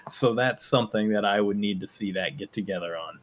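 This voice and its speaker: A man's voice: on the low side, a little fast. A man co-hosting a casual podcast, joking around and slipping into silly quoted voices. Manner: jokey, breaks into goofy quoted voices. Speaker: podcast co-host. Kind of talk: casual chat.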